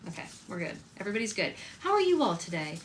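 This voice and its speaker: A woman's voice: mid-range voice, sing-song, fast talker, a little hiss or hum. A woman hosting a live stream, chatting upbeat and casually with viewers while making slime.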